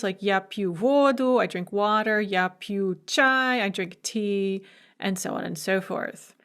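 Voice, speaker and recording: A woman who is a language professor, giving a recorded video lecture with patient, measured explanations. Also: medium pitch, fairly bright tone.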